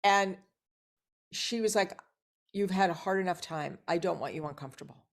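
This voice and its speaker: A middle-aged actress telling lively anecdotes as a guest, acting out the dialogue she quotes. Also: fairly low pitch, moderate pace, creaky. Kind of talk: casual interview storytelling.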